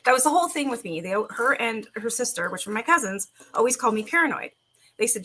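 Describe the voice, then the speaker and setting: A woman's voice: on the high side, very animated, fast, noisy background. A young woman telling ghost stories to her live chat in a rambling, casual way, full of fillers and restarts. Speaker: livestream host.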